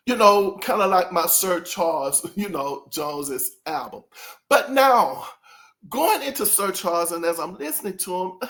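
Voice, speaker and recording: A host giving casual, animated opinions in a vlog, rambling with many fillers and a lilt. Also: medium pitch. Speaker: music commentary host.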